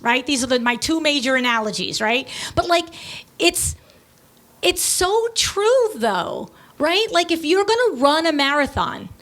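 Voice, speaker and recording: A woman podcast host giving a lively motivational talk to an audience of designers, acting out little quoted voices and restarting her sentences as she goes. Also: high voice. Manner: animated, acts out quoted voices, many restarts.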